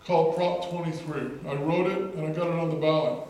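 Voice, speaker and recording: A man's voice: fairly high pitch, steady tone, fairly quick, darkish tone. A man who is a state legislator, giving an emphatic storytelling speech at a political rally. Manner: storytelling, emphatic, repeats words for effect. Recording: echoey hall, distant mic, faint noise.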